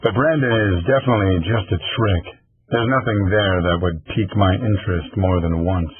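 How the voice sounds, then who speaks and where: A man's voice: sits low, moderate pace, breathy edge, no room sound. A man voicing a brash, jovial flirt. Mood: teasing. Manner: jovial, teasing. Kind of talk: audiobook reading. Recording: tinny phone-like lo-fi recording.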